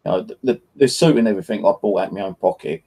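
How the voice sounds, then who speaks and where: An English man chats on a live stream, spinning a loose, meandering anecdote packed with fillers. His voice is dark and husky, with a gravelly edge. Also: on the low side, lively intonation, rapid-fire. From England. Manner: rambling, full of "you know" and "like". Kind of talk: casual chat, storytelling.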